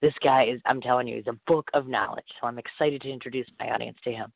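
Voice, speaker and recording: Hoarse man hosting a phone-in show. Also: mid-range voice, quick pace, no room sound. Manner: chatty and excitable. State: hoarse from a cold. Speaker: radio show host. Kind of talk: casual talk-radio interview. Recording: tinny dry phone line.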